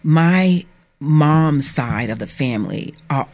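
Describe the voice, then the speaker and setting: A middle-aged woman, an author guest on a radio show, giving an earnest, halting personal testimony. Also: low-pitched, animated, a little mellow. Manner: earnest, halting, emphatic at times. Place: radio studio.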